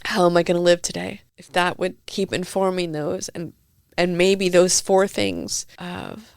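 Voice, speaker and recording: A woman's voice: on the low side, lively intonation, normal speed, vocal fry, dry recording, studio quality. A middle-aged woman hosting a podcast, teary and heartfelt as she reflects on a recorded conversation. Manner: emotional, heartfelt, soft-spoken. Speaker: podcast host.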